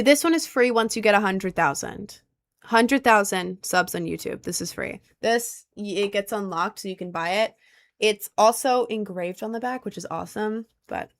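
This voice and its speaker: A woman's voice: mid-range voice, no room sound. A young woman streamer chatting casually with her viewers, rambling and easily sidetracked in an upbeat way.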